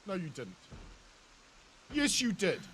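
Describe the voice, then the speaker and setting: A man's voice: sits high, wildly swooping pitch, slow pace, fairly bright tone, a little hiss or hum. A man in his thirties with a New Zealand accent, chatting with viewers in casual, jokey gameplay commentary, laughing often and swearing freely. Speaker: game streamer.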